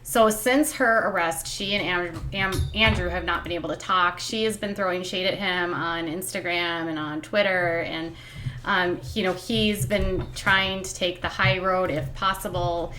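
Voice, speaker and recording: A woman's voice: fairly low pitch, fairly even intonation, measured pace, pushed and bright, a little hiss or hum. A woman hosting a livestream, chatting casually through celebrity gossip in a giddy way, with many fillers and asides.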